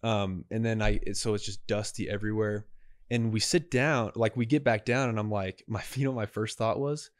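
A young man co-hosting a podcast, telling a story in a casual, animated way and acting out what people said. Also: lowish voice, a little fast, no echo. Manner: animated, acts out dialogue. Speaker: podcast co-host.

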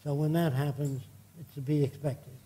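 An older man delivering a lecture in a blunt, indignant manner, peppering his points with profane asides. His voice sits a little high for a man, with a dark, mellow tone. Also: fairly even intonation, moderate pace, slight background noise. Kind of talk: public lecture with audience Q&A.

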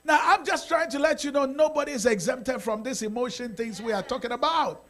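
A man with a Ghanaian accent preaching a sermon as pastor, swinging from quiet talk to shouting. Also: extremely high pitch, brisk.

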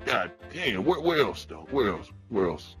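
A man's voice: fairly low pitch, unhurried, soft background music. A man playing a crude, pushy young troll who teases and badgers in slangy chat-room banter. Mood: cheeky. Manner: brash, teasing, slangy, lively sing-song delivery. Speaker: prank caller in online voice chat. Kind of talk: comedic trolling role-play.

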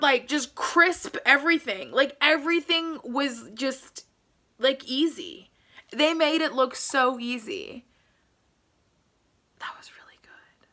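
A woman reacting to a cheer routine on her vlog, gushing and excitable and saying "like" a lot. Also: high-pitched. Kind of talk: casual video reaction.

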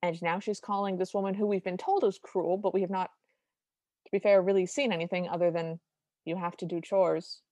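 A woman's voice: on the low side, steady tone, a little fast, mellow, no room sound. A woman co-hosting a podcast, recapping a cartoon in a wry, detailed, opinionated way. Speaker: podcast co-host. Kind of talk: casual chat recapping a film.

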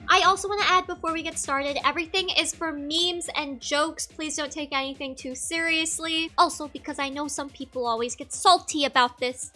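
Woman, young adult, high-pitched, bright, trash-talking game narration, mock-boastful, faint music. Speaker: gaming channel host. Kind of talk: comedic gameplay voice-over.

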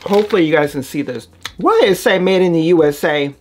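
A woman's voice: fairly low pitch, fast, a little mellow. A woman from the United States casually chatting while she tastes snacks, talking with her mouth full and humming mm between bites. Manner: chatty, talks while chewing, lots of mm sounds. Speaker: vlogger. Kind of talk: casual snack unboxing and tasting chat. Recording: noisy with wrapper crinkling.

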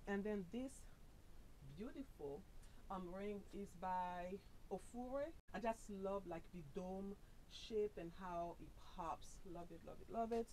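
A woman hosting a casual fashion try-on vlog, chatty and upbeat, pushing her usually soft voice louder and recorded on the camera mic because her lapel mic is missing. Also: medium pitch, slight background noise, poor audio. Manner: chatty and upbeat, full of fillers and "sis". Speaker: fashion vlogger.

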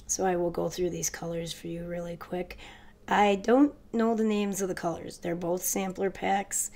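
Gravelly, stuffy-voiced woman vlogger. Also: fairly low pitch, fairly even intonation, mellow. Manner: chatty, hurried, addresses viewers directly. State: stuffy from a cold. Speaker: crafting vlogger. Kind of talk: casual haul video chat.

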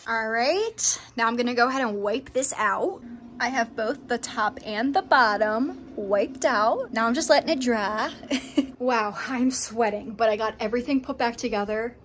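A young woman pet vlogger chatting casually, bubbly and giggly, gushing with excitement. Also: fairly high pitch, normal speed, a little hiss or hum. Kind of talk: casual vlog.

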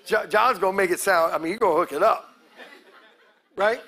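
A male pastor preaching a sermon to his congregation, calling out to them and acting out quotes, breaking into loud shouts at the peaks. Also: high voice, fairly quick. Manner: preaching with call-outs to the congregation, acts out quotes. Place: church sanctuary.

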